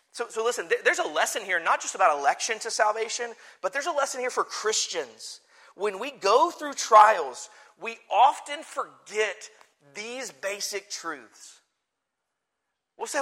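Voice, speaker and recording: A man preaching a sermon, moving from quiet conversational asides to loud, forceful declarations. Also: sits high. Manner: animated, swings from soft asides to forceful declarations. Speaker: pastor.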